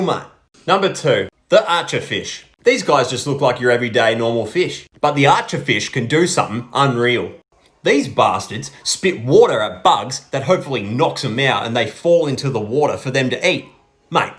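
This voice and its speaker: An Australian man with a brash, sweary, slang-heavy manner, delivering comic countdown commentary. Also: mid-range voice. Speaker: comedy content creator.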